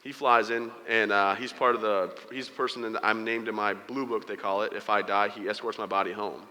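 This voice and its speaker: A man's voice: fairly low pitch, fairly even intonation, brisk, bright, forceful tone. A man giving a candid, joking motivational talk, telling his own story to an audience in a large event hall. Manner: candid, joking, acts out quoted dialogue. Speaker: motivational speaker. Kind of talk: personal storytelling speech to an audience. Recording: hall reverb.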